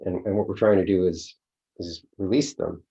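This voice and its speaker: A man's voice: deep voice, fairly even intonation, normal speed, vocal fry, mellow. A middle-aged man leading a course, talking casually with many fillers and a rhetorical "right?". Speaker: course leader. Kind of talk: casual teaching talk. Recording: dull lo-fi sound.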